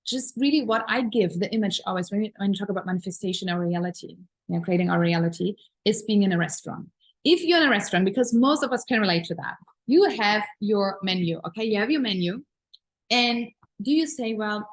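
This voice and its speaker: A woman with an expressive mid-range voice teaches manifestation briskly in a spiritual talk, and the audio quality is poor. As a manifestation coach, she gushes with enthusiasm about pleasure and gratitude, repeating earnest, emphatic affirmations.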